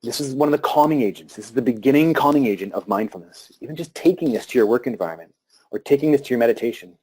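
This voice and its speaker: A man giving a live talk to an audience about meditation and breathing, speaking calmly with pauses and restarts. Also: medium pitch, husky.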